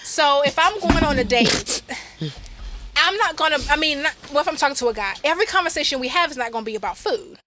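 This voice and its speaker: A woman co-hosting a podcast outdoors, chatting casually in an animated way, laughing and swearing freely. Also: high-pitched, fast, background noise. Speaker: podcast co-host. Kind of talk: casual chat.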